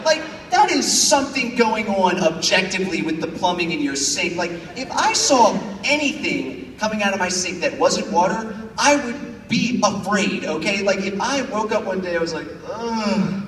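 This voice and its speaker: A young man performing a stand-up comedy set before a big crowd, animated and bursting into shrill shouted voices for his bits. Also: moderate pace, hardly any pauses, slight background noise. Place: large campus auditorium before a crowd. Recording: echoey hall recorded from far off. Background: audience laughter.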